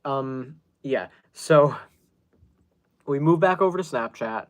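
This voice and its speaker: A man's voice: medium pitch, lively intonation, slow pace. Rambling male podcast host. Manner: rambling, with many fillers and restarts. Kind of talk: casual storytelling chat.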